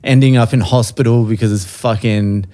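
A man's voice: lowish voice, steady tone, normal speed, warm tone. A man, a comedian guest telling a profane story on a podcast and laughing through it.

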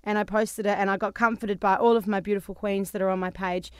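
A woman's voice: medium pitch, quick pace, clear, resonant tone, no echo, clean studio sound. An Australian woman in her thirties, telling a story in casual chat as a podcast co-host. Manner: chatty storytelling, animated.

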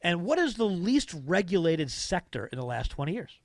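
A middle-aged man hosting a casual talk radio show, chatty and wry, quick with a joke. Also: sits high, sing-song, no echo.

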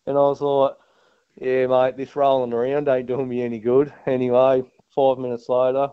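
Yarn-spinning Australian bloke, dull sound. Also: male voice, mid-range voice, little pitch movement, normal speed, smooth, no echo. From Tasmania. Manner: broad, yarn-spinning, says mate a lot. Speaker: guest angler. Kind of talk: casual storytelling chat.

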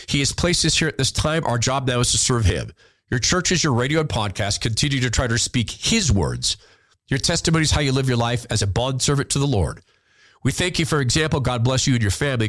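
With a medium-pitched, fairly bright voice and no room sound, a man hosts a podcast where he reads listener letters and replies earnestly. He's openly emotional, at times pausing and repeating himself when moved.

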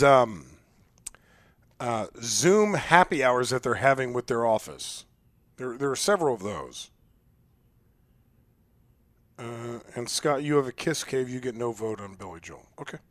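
A man's voice: medium pitch, very animated, measured pace, long pauses, a bit bright, dry recording. Teasing male radio host. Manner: teasing, offhand, mock-indifferent. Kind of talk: casual radio banter. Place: radio studio. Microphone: studio mic.

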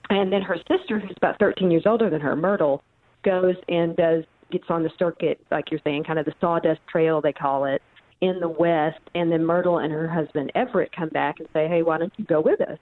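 A woman's voice: deep voice, steady tone, a little fast. Woman guest on a tinny phone line. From central Missouri. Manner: thoughtful storyteller with frequent ums. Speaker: author and guest. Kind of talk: phone interview.

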